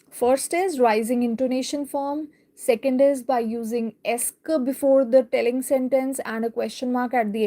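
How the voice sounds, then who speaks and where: A woman teaching a live beginner French lesson, reading a picture book aloud and explaining each line slowly and carefully. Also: a little high, warm tone.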